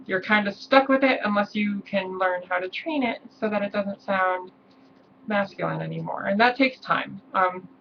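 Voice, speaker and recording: A young adult woman chatting casually in a vlog, relaxed, with many ums and little laughs. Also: medium pitch. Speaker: vlogger. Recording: distant, dull lo-fi camera sound, faint hiss.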